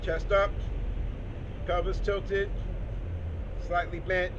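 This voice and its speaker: A man teaching a casual singing lesson, talking through posture steps in a relaxed way and checking in with the listener. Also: sits high, slow pace, highs cut off. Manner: relaxed, talks through steps with "all right?" and "okay". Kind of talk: casual vocal lesson with exercises. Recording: outdoor traffic noise behind.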